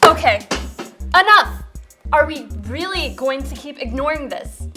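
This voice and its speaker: A woman's voice: high voice, expressive, a little slow, bright, forceful tone, faint music behind, full character voice. A woman playing an exasperated student who insists the others notice something, in a comedy sketch clip. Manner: indignant, insistent. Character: exasperated female student, fed up.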